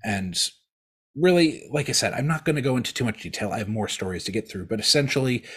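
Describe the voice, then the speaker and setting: A man's voice: mid-range voice, lively intonation, quick pace, slightly rough. A man co-hosting a podcast, casually telling a long story, rambling with restarts and acting out the quotes. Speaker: podcast co-host.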